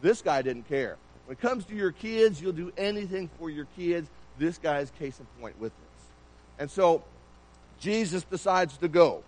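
Male preacher, high animated voice, conversational sermon full of questions to the pews. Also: moderate pace, low-quality recording. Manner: conversational, asks the congregation many questions. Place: church.

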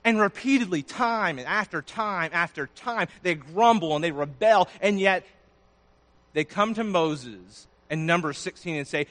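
A man preaching a sermon in a somewhat high voice. He swells loud on key words, then drops almost to a murmur. The result is a pulpit delivery full of emphasis. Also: a little slow. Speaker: pastor.

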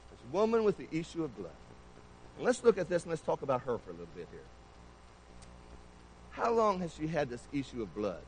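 A male preacher delivers a sermon in a church. His voice sits high and swings widely in pitch. He talks with the congregation, firing questions at them as he goes. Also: big pitch swings, brisk, pauses often, darkish tone, slight background noise, rough recording. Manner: conversational, asks the congregation many questions.

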